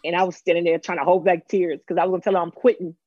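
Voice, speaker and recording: A woman in her thirties from Los Angeles, telling her story as an interview guest, animated and acting out other people's lines. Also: on the low side, rapid-fire, husky, no echo, dull audio.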